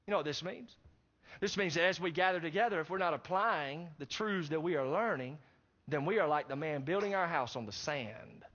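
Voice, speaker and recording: A man's voice: fairly high pitch, lively intonation, a little fast, fairly bright tone. A man preaching a sermon, emphatic and pressing the congregation with rhetorical questions. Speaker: pastor. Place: church service. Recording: dull lo-fi recording.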